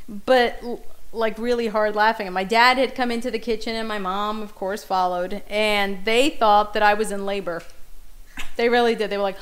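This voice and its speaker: A woman's voice: on the high side, moderate pace, a bit bright, poor audio. A middle-aged woman co-hosting a podcast, telling family stories in casual chat and laughing often. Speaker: podcast co-host.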